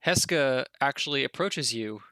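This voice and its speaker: A man's voice: medium pitch, animated, normal speed, pushed and bright, no room sound. A man running a tabletop game as game master, narrating in a loose, rambling way full of filler words.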